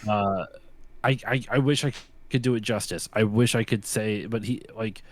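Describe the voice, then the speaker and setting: A man with a fairly low voice chats casually on a live stream. He rambles through his stories, restarting his sentences often. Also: moderate pace. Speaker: podcast co-host. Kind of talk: casual chat.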